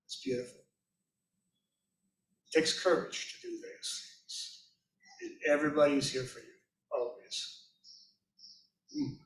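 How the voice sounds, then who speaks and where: A man leading a church service, speaking gently and encouragingly, then reciting a prayer. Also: a little high, huge pitch swings, a little slow, pauses often. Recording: roomy hall, mic at a distance.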